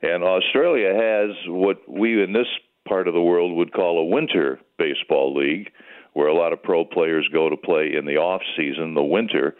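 An older man with a strikingly deep, low voice talks in an easygoing, rambling way, like a veteran sportscaster swapping stories. He comes through a thin, phone-like line. He is a guest calling in to a radio show. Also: normal speed. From United States.

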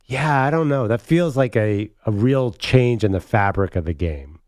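A man's voice: on the low side, expressive, darkish tone, no room sound, clean studio sound. Skeptical male sports radio co-host. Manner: skeptical, measured. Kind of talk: casual sports talk.

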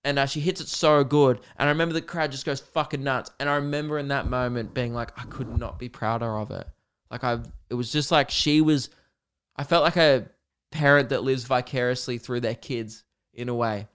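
A man's voice: medium pitch, fairly even intonation, fairly quick, fairly bright tone, smooth. A young man hosting a solo podcast, telling stories in a rambling, casual way with lots of fillers and swearing. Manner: rambling, chatty storytelling with frequent fillers and swearing. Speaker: podcast host.

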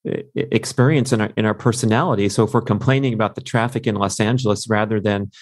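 A man hosting a podcast interview, enthusiastic and casual, recapping his guest's points with quick asides. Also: on the low side. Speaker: podcast host.

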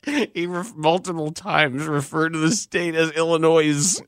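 A man's voice: a little high, moderate pace, fairly bright tone, no echo, studio quality. A man co-hosting a sports podcast in casual, playful banter, joking and laughing often. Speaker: podcast co-host.

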